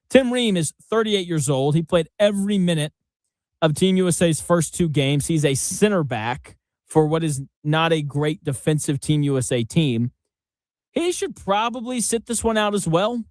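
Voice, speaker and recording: Man, sports radio host, fairly high voice, joking and conversational, dry close studio mic. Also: darkish tone, dry recording. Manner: conversational, joking, fond of laughing. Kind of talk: sports talk radio commentary.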